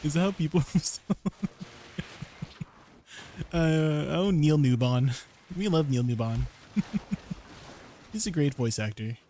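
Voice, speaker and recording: Young male streamer, casual and giggly, unhurried delivery, a bit higher pitched, light noise underneath. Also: lively intonation, mellow. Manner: giggly, chatting with viewers while gaming. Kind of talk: casual live-stream chat. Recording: faint background noise.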